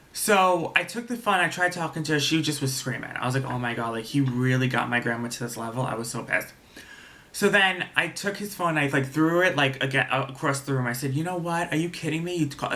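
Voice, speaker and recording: A man's voice: on the high side, sharp tone. A young man telling a personal story in a vlog, rambling and indignant. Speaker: vlogger.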